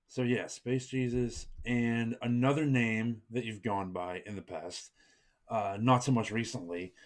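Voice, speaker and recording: A man hosting an interview, asking measured questions with frequent fillers. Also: fairly low pitch. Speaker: interview host. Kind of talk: podcast interview.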